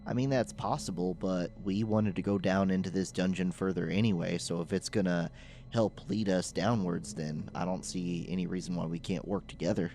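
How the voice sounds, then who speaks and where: A man's voice: low-pitched, steady tone, normal speed, warm tone. A man casually chatting as a player in a tabletop game, earnest and musing.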